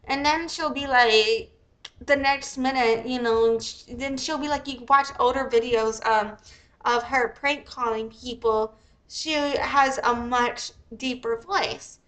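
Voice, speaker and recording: A woman's voice: a little high, fairly even intonation, slow pace, fairly bright tone. A woman hosting her own commentary show, talking casually and rambling with many fillers and restarts. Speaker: host.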